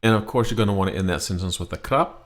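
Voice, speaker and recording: A man teaching a beginner language lesson, explaining patiently and drawing out example phrases slowly. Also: on the low side. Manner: slow, patient explaining with drawn-out demonstration phrases.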